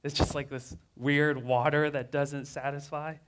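A man's voice: on the high side, flat delivery, a little slow, fairly bright tone. A man preaching a sermon in a casual, conversational way, reading scripture aloud with rising emotion. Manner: earnest, reads scripture dramatically with rising emotion.

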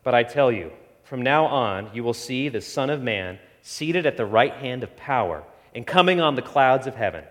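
Animated preacher in a reverberant hall. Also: male voice, medium pitch, moderate pace. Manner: animated preaching, voicing Bible figures in quotes. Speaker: pastor. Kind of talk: sermon.

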